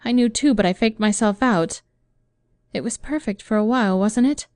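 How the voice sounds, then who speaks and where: A woman's voice: on the high side, normal speed, darkish tone, no room sound, studio quality, natural voice. A woman voicing a heartbroken young woman in an audiobook, speaking in a pleading, emotional way. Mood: wistful.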